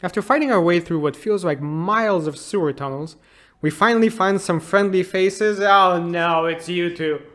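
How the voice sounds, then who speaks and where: A man in his thirties with a notably high voice, narrating a funny look back at a game he loved as a kid. He sounds sarcastic and exasperated, often mocking the plot in disbelief. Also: normal speed, a bit bright. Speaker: YouTube game reviewer. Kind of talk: comedic game retrospective narration.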